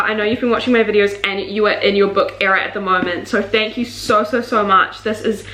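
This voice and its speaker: A young woman chats through an unboxing in a gushing, filler-heavy way, exclaiming often. Her voice sits at an ordinary pitch for a woman. The room around her rings with noticeable echo. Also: fairly even intonation, brisk, few pauses, pushed and bright. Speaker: book vlogger. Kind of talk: casual unboxing chat. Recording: echoey room.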